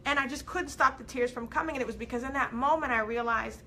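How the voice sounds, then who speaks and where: A woman hosting a live inspirational video, preaching with big swings from loud to soft and reading viewer comments aloud. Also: high voice, fast, few pauses, a little hiss or hum. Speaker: host of a live faith and life coaching show.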